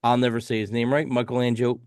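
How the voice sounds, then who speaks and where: A man's voice: medium pitch, fast, dry recording. Male host, casual album review, laughs a lot, dry close sound. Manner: laughs often, relaxed banter. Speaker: podcast host.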